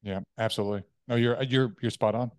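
A man, a coach, talking as a podcast guest in a casual interview, telling animated stories and acting out the voices in his head. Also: mid-range voice, fast, clear, resonant tone, no echo. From United States. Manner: animated storytelling, acts out inner voices.

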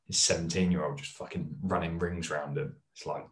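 A man's voice: low-pitched, fairly even intonation, quick pace, hardly any pauses, echoey room. A young man in his twenties, co-hosting a podcast with laid-back, wry remarks. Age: 20s. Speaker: podcast co-host. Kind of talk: casual podcast chat.

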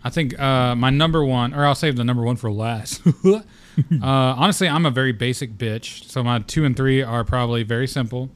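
A young man hosts a relaxed podcast, loose and joking. He swears casually and riffs with his co-host in easy conversation. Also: medium pitch, moderate pace. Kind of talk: casual chat.

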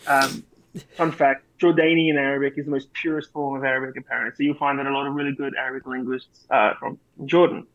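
A man's voice: mid-range voice, flat delivery, fast, a bit bright. An Australian man co-hosting a podcast, telling army stories in casual chat, swearing and laughing as he goes. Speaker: podcast co-host, army veteran. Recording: dull lo-fi sound.

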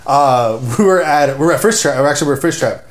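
Fast-talking man in a roomy echo. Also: fairly high pitch. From West Dallas, Texas. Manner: animated, profane, laughs through his stories. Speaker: guest. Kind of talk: casual podcast storytelling.

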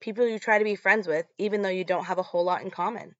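A tired father talks calmly and patiently to his son, voiced by a woman retelling a film. The tone is soothing. The recording is dry and slightly dull. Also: medium pitch, fast talker, no echo, lightly acted.

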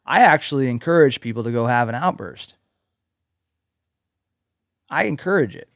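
Male podcast co-host, mid-pitched, earnest storyteller, dry close mic. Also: lively intonation, moderate pace, no echo. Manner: earnest storytelling, emphatic "okay?" check-ins. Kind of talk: casual podcast conversation.

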